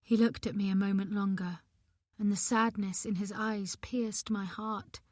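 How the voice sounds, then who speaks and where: A woman's voice: mid-range voice, steady tone, unhurried, darkish tone, no room sound, studio quality. Tense woman narrating a thriller. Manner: tense, emotional first-person telling. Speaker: audiobook narrator. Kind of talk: first-person thriller narration.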